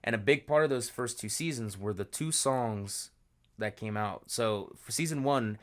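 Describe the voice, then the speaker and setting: A man co-hosting a podcast in relaxed casual chat, full of fillers. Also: medium pitch, normal speed. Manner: relaxed, filler-heavy talk. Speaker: podcast co-host.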